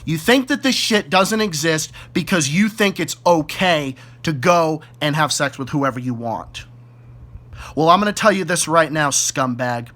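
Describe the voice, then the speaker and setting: A man's voice: on the high side, expressive, a little slow, pushed and bright. A man with a Boston accent delivering an angry, profane rant straight at the camera, hurling repeated insults. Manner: furious, profane, repetitive insults. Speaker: YouTube ranter.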